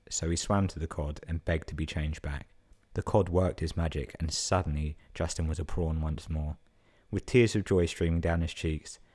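A man's voice: sits low, darkish tone. A man hosting a podcast, reading listener stories out casually, swearing a lot and laughing at the jokes. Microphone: podcast microphone.

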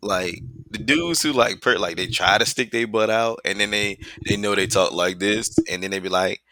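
A man co-hosting a casual podcast chat, loud and laughing, breaking into mocking voices. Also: lowish voice, normal speed, no echo. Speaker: podcast co-host.

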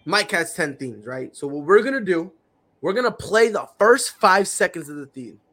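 Excitable high-voiced man trash-talking. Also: normal speed. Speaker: podcast co-host. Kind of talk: casual chat.

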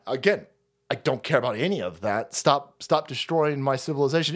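Male streamer, foul-mouthed sarcastic rant, lively pitch that jumps all over. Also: brisk. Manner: profane, sarcastic, mocking. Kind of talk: livestream rant.

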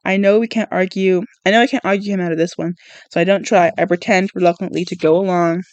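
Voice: mid-range voice, fairly even intonation, quick pace, no echo. A podcast host reading a novel aloud in first person, with frequent slips and self-corrections. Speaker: podcast book reader.

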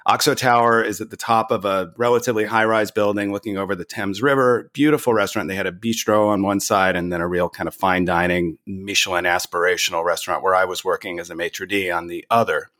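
A man co-hosting a casual chat, telling a story in a relaxed, measured way. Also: deep voice. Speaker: podcast co-host.

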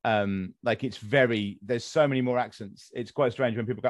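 A man's voice: medium pitch, fairly even intonation, a little fast, no echo, studio quality. An English man from West Sussex with a received pronunciation accent, hosting a casual podcast chat, opinionated and swearing freely. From England. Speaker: podcast host.

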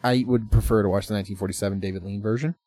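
A man's voice: on the low side, steady tone, rapid-fire, dark tone, no echo. A man chatting casually as a podcast co-host, rambling through movie plots, laughing often and swearing freely. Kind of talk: casual chat.

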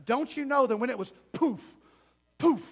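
A man preacher delivering a passionate sermon in a church, swinging between loud emphasis and hushed asides. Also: extremely high pitch, animated, moderate pace, in a large hall.

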